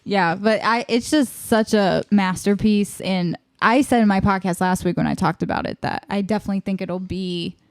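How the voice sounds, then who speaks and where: A woman's voice: mid-range voice, fairly even intonation, moderate pace, few pauses, dry recording. A woman who hosts her own podcast, chatting as a guest in an enthusiastic, chatty way, full of "like". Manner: chatty, enthusiastic, heavy use of "like". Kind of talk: casual chat.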